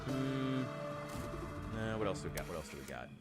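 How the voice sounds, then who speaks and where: A man casually commenting while playing a game, rambling and sarcastic, now and then yelling in panic. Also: fairly low pitch, very animated, normal speed. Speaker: gaming channel host. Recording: game music loud behind.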